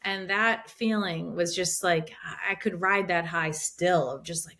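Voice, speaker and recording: A woman in her thirties, a podcast guest, telling a story in a casual, animated way, swearing freely and acting out her own quotes. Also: fairly low pitch, measured pace, few pauses.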